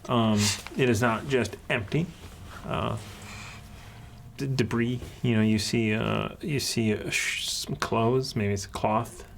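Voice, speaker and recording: A man's voice: mid-range voice, steady tone, slow pace, gravelly, slight background noise. A man running a tabletop game as dungeon master, describing scenes hesitantly with many fillers.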